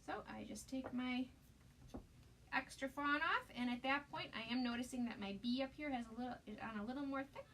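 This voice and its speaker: A woman demonstrating a craft project on a live stream, gushing with excitement and greeting viewers by name. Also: high voice, fairly quick, far from the mic, slight background noise.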